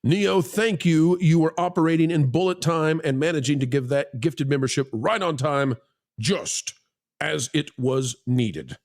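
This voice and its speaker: A man's voice: on the high side, measured pace. A man hosting a live online panel show, joking and teasing his co-hosts between plugs and reading out donations. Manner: jokey, teasing, rambling with fillers. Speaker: livestream host. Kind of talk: casual livestream panel chat.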